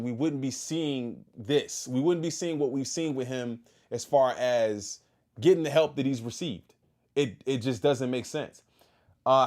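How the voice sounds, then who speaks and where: A man's voice: fairly high pitch, darkish tone. A man hosting a casual reaction stream, questioning and repeating himself in disbelief. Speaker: host reacting to a video.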